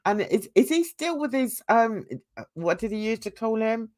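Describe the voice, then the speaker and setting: A woman's voice: a little high, expressive, moderate pace, darkish tone. A woman hosting casual reaction commentary, chatty and gossipy, laughing often. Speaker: commentary channel host.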